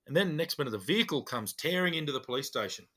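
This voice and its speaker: Australian man, podcast co-host, bright forceful voice, lively storyteller, acts out the quotes, casual chat. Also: on the high side, fast. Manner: animated, acts out dialogue in his stories. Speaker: podcast co-host, police officer.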